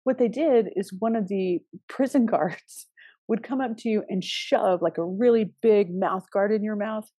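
A middle-aged woman hosts a reflective spiritual podcast in a mellow, slightly breathy voice. She meanders and hesitates, often restarting her sentences. The recording is close and dry. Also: mid-range voice, moderate pace, no echo. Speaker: podcast host.

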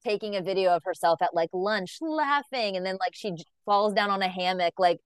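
A woman's voice: medium pitch, fairly quick, smooth, no echo. A woman hosting a podcast, chatting casually and laughing as she rambles through a story. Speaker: podcast host. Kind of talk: casual interview chat.

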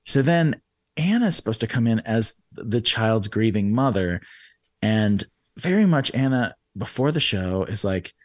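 A man's voice: fairly low pitch, moderate pace, no room sound, clean studio sound. A man hosting a podcast, telling stories in a casual, laughing way. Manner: animated, laughing storyteller. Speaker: podcast host. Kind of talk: casual storytelling chat.

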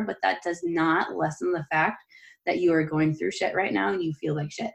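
Low-voiced, earnest woman host. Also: fairly even intonation, normal speed, vocal fry. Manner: earnest, encouraging, conversational. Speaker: podcast host and yoga teacher. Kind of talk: casual conversation.

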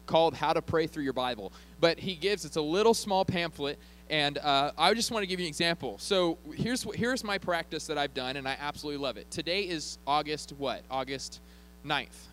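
A man giving a sermon, animated and conversational, with asides to his audience. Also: on the high side, slight background noise, low-quality recording.

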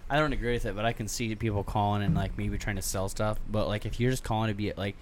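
Young male co-host, lowish voice, crude and jokey, faint noise. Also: fairly even intonation. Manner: crude, laughing, quick to swear. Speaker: podcast co-host. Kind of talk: casual podcast banter.

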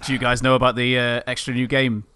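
A man's voice: medium pitch, little pitch movement, fast talker, bright, forceful tone, clean tone. A man telling a game anecdote with frequent laughs. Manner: giggly, anecdotal. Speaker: podcast co-host. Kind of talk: casual chat about a video game.

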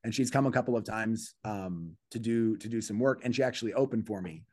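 A man's voice: on the low side, a little fast, darkish tone, no echo, studio quality. A man, a comedian, telling a story in a casual podcast conversation, acting out the voices of people in it and restarting his sentences often. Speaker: comedian guest.

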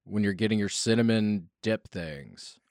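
A man's voice: lowish voice, expressive, measured pace, darkish tone, dry recording, clean studio sound. A man hosting a casual talk show, playful and drawing out words for emphasis. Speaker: host. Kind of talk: casual chat.

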